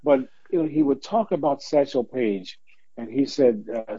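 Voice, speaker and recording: In a dull lo-fi recording without room sound, an older Detroit man who used to be a cop tells interview stories at a moderate pace. His medium-pitched voice is a bit rough, and he animatedly voices the people he quotes, laughing often.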